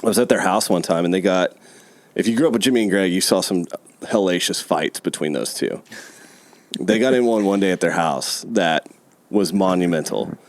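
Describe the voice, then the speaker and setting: Laid-back low-voiced man telling stories. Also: normal speed. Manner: laid-back storyteller, laughs often, says "dude" and "man". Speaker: podcast guest. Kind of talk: casual chat.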